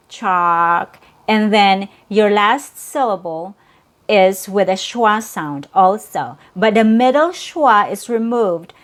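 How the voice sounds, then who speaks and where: A woman teaching English pronunciation, patiently repeating and drilling each sound. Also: medium pitch. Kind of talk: slow, careful pronunciation lesson.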